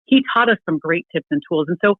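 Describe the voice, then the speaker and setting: A middle-aged woman telling her own story as an interview guest, lively and quick to act out the voices of the people she quotes. Her voice comes through a thin, phone-like line. The sound is dry and close. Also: lowish voice, slightly rough, no room sound. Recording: tinny phone-like remote call, dry.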